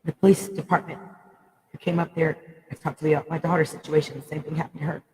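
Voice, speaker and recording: A woman's voice: deep voice, level tone, quick pace, a little mellow, in a large hall, rough recording. A woman giving a raw, emotional personal monologue to viewers, speaking bluntly and swearing freely.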